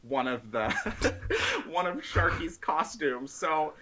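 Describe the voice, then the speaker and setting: A man's voice: fairly high pitch, wildly swooping pitch, takes it slowly, background noise. A man as a podcast guest in casual chat, rambling and leaning heavily on the filler "like" with frequent laughs.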